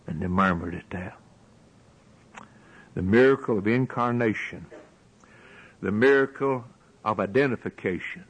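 A man's voice: mid-range voice, breathy edge, low-quality recording. A man preaching a sermon, building his points with rhetorical questions and a rising, emphatic cadence.

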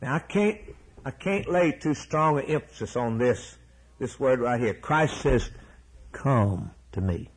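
A man's voice: medium pitch, expressive, a little slow, breathy edge, rough recording. A man preaching a sermon, emphatic and repeating key words, then closing in a prayer.

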